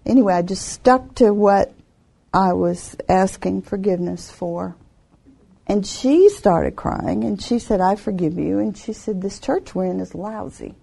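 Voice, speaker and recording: A woman telling a personal faith testimony in an earnest, reflective way, with soft laughs now and then. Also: medium pitch, a little slow, gravelly, slightly rough.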